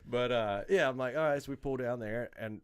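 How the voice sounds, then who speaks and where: The voice is a man from North Carolina, hosting a laid-back podcast chat. He spins a long story with animated, profane energy, swearing as he goes. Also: mid-range voice, fairly quick, clear, resonant tone. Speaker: podcast host.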